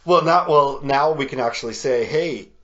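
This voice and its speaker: Man, podcast co-host, bright forceful voice, slightly dull lo-fi sound, stop-start delivery. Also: medium pitch. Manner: halting, many restarts and fillers. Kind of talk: casual sports chat. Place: home podcast studio.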